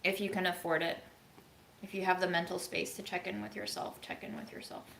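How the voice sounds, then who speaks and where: A woman's voice: lowish voice, flat delivery, gravelly, noisy background. Earnest woman musing in an echoey room. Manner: earnest, slow, thoughtful with frequent ums. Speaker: vlogger. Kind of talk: reflective monologue.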